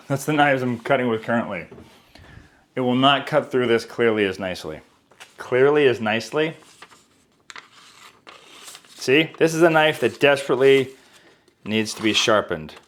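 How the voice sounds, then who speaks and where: A chatty young man walks viewers through knife skills in a home kitchen. His pitch swings freely as he talks, and he pokes fun at himself along the way. He sounds like a casual cooking channel host. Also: a little hiss or hum. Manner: chatty, self-deprecating, lively.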